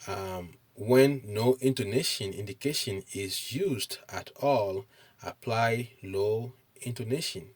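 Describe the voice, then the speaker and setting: A middle-aged man teaching a recorded online language lesson, hesitant, with many pauses and fillers, often checking in with "okay?". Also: lowish voice.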